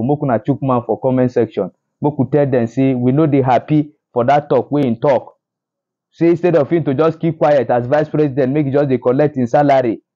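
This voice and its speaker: A Nigerian man with a Nigerian Pidgin English accent delivers indignant commentary on social media news, often repeating himself and stumbling through restarted words. His voice is medium in pitch and the audio is dull.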